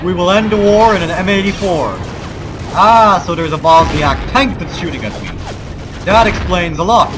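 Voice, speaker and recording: A let's play gamer from the Balkans, forcing an American accent, narrates with mock-grandiose war speeches and dry asides. His voice sits high and moves at a normal speed. Music plays behind him, along with loud game ambience and vehicle noise.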